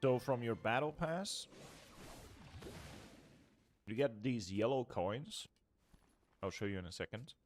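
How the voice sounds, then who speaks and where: A man's voice: medium pitch, lively intonation, slow, pauses often, slight background noise. Casual young man explaining a game. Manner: loose and chatty, trails off and restarts. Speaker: game streamer. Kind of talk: casual gameplay walkthrough.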